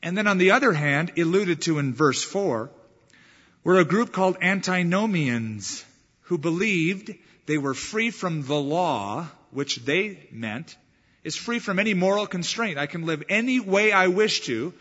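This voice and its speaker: A man's voice: a little high, animated, unhurried, fairly bright tone, husky. A man preaching a sermon as pastor, earnest and emphatic, rising to stress key words. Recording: dull, muffled 1990s church recording with long reverb.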